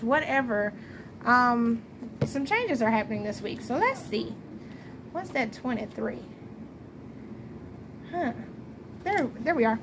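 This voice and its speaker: A woman's voice: high-pitched, fairly bright tone, slight background noise. A woman reading tarot at home at night, chatty and friendly, often laughing and calling her viewers y'all. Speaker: tarot reader.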